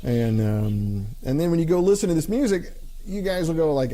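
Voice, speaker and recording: A man's voice: on the high side, lively intonation, moderate pace, warm tone. A man hosting a livestream, chatting casually and joking, with lots of ums and uhs. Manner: rambling, joking, frequent fillers. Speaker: livestream host. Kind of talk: casual chat.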